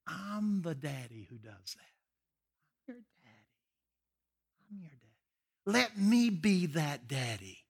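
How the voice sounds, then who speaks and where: A man voicing God as a tender heavenly father, speaking slowly, softly and low. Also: big pitch swings, vocal fry, husky, full character voice. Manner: slow, soft and low.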